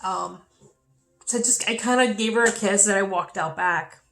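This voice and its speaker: A woman's voice: mid-range voice, normal speed, a bit bright, soft background music. A young adult woman vlogging a personal story, candid and swearing freely, her voice rising when she gets upset. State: dry mouth. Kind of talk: personal vlog, emotional storytelling.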